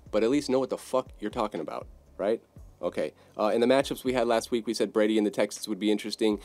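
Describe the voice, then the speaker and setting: A man hosting a sports podcast, ranting in a brash, profane, casual way, swinging between loud outbursts and low muttered asides.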